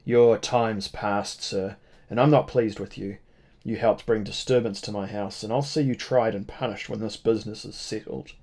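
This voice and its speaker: A man's voice: lowish voice, steady tone, moderate pace, warm tone. A man voicing a proud Irish tavern keeper with an Irish accent, speaking with stern dignity.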